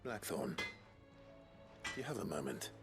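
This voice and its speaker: An actor playing an earnest young warrior who speaks calmly and in a measured, soft-spoken way. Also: male voice, low-pitched, vocal fry, over music, heavily acted.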